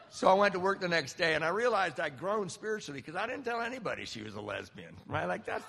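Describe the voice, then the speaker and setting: A middle-aged man giving a personal recovery testimony, animated storytelling with acted-out quotes. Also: sits high, fast, vocal fry, hardly any pauses, slight background noise. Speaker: speaker sharing a recovery story. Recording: long hall reverb.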